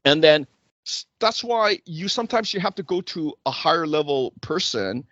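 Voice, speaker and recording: A man's voice: a little high, expressive, moderate pace, fairly bright tone, no room sound. A man hosting a casual talk show, telling stories animatedly and acting out the exchanges he quotes. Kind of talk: casual chat. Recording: dull lo-fi dry sound.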